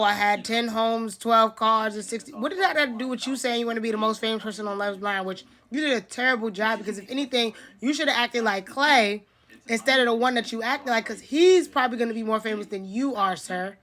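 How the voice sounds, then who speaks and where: A woman's voice: on the high side, a bit bright. A young woman giving blunt, sassy live commentary on a reality show, laughing and cursing as she reacts. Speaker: reaction vlogger.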